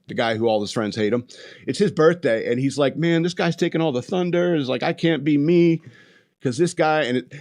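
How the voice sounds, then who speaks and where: A man hosting a podcast, casually retelling a movie in a rambling way, laughing often and acting out quotes. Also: medium pitch. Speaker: podcast host. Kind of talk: casual movie review rant.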